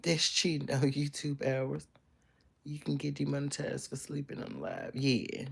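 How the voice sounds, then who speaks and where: Young woman, low-pitched, playful and sassy streamer reading comments. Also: fairly even intonation, a little slow, vocal fry, husky. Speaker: live streamer. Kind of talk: casual chat reading viewer comments. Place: bedroom, in bed.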